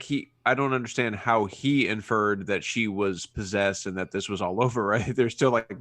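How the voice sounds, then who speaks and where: A man with a fairly low voice talking casually on a podcast, often trailing off and searching for words. He perks up when a plot point confuses him. The sound is dry and close. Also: dry recording. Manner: rambling, searching for words, animated when puzzled. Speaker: podcast co-host. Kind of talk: casual movie discussion.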